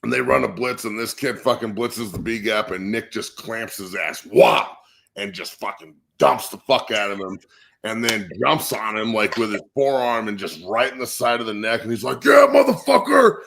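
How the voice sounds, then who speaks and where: A man with a low, forceful voice who talks like a high school line coach. He tells a story in a crude, boisterous way, swearing constantly. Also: normal speed, gravelly. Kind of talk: profane storytelling rant.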